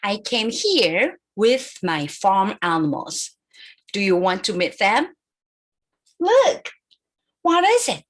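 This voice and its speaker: A woman, telling a playful children's story as a kindergarten teacher, animated and full of gasps and animal sounds. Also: medium pitch, takes it slowly, long pauses.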